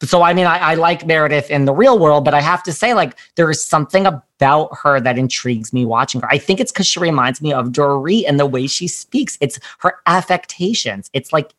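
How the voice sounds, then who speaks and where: A man's voice: on the high side, a little fast, few pauses. Gossipy man in casual chat. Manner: gossipy, animated, acts out quotes. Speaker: podcast guest.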